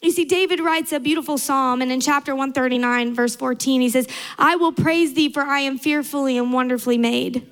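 Young woman preacher, high bright voice, earnest sermon with repeated emphatic lines. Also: steady tone, brisk.

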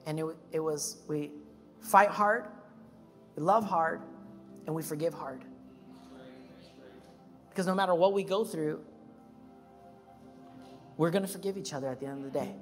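A male pastor preaching a sermon, emphatic, rising to loud high peaks and then settling into calm, personal storytelling. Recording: reverberant church hall with music.

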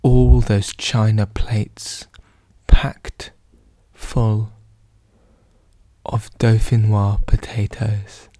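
A man in whispered role-play, voicing a smooth, flattering male shark host in a slow, hushed voice. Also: fairly low pitch, no room sound. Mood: ingratiating.

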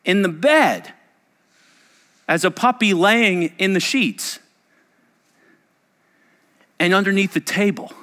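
Bright, emphatic male pastor preaching. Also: high-pitched, lively intonation, takes it slowly, pauses often. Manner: emphatic, repetitive, swings between loud and hushed. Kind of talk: sermon. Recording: echoey church hall reverb.

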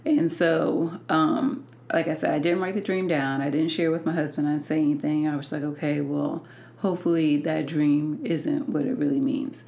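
A woman hosting a podcast and telling a personal story in an unhurried way, with many fillers and restarts. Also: low voice, fairly even intonation, creaky, darkish tone. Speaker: podcast host.

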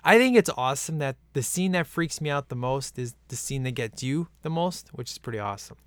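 A man's voice: medium pitch, dry recording. A man in casual, rambling chat as he watches a film at home, laughing often. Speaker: movie commentary viewer.

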